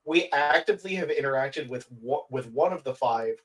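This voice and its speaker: A podcast co-host in casual chat, mid-pitched, chiming in with short remarks and quick agreement while the others talk. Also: lively intonation. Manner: brief agreeing interjections.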